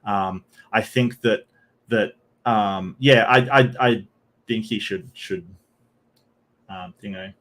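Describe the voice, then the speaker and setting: A man's voice: lowish voice, takes it slowly, pauses often, a bit bright. A man hosting a live stream, reading posts aloud and chatting with viewers in a rambling way, with many ums and restarts. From Australia. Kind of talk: casual live-stream commentary.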